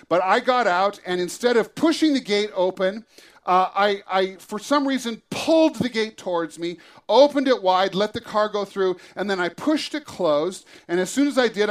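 A man, a pastor, telling a lively personal story in a church sermon and acting out the scene. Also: high-pitched.

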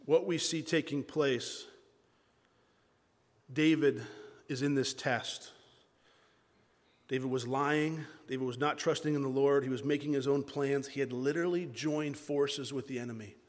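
A man's voice: mid-range voice, steady tone, unhurried, pauses often. A man preaching a sermon as pastor, emphatic and repeating key phrases. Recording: long hall reverb.

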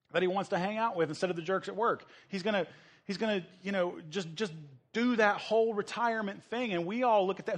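A man from the United States preaching a sermon as a pastor, animated, acting out the voices of people in his story. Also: sits high.

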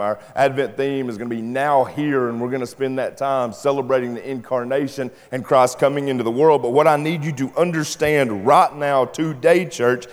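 A man delivers a sermon from the pulpit of a church, his mid-range voice trailing a long echo through the sanctuary. He presses phrases upward with intensity, then sinks into hushed, emphatic lines. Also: mid-range voice. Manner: preaching with rising intensity and quiet emphatic drops. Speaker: pastor. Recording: long church hall reverb.

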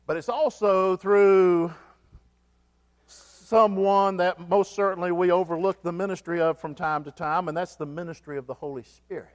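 A man's voice: sits high, steady tone, normal speed. A man preaching a sermon as pastor, asking the congregation questions and repeating key phrases for emphasis. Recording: long hall reverb.

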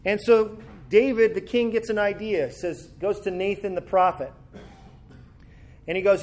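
A man's voice: sits high, fairly even intonation, unhurried, darkish tone. A man preaching a sermon in a conversational way, often restarting his words as he explains a passage. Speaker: pastor.

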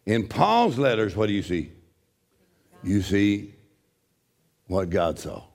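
A middle-aged man preaching a sermon as a pastor, with a gravelly voice, swinging from loud shouting to low joking asides. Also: big pitch swings, slow pace.

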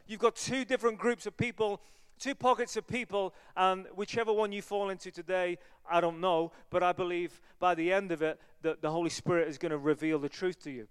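Earnest evangelist preaching in a reverberant church. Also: male voice, sits high, fairly quick, a bit bright, clear, resonant tone. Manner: conversational, earnest, many fillers. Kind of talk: sermon.

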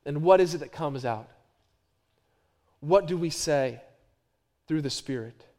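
High-voiced man preaching a sermon. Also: measured pace. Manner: varies from hushed to loud, repetitive emphatic phrasing. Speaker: pastor.

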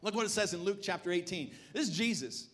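High-voiced, emphatic male pastor. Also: lively intonation, fast, a bit bright. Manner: emphatic, exhorting the congregation with call-and-response. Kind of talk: sermon.

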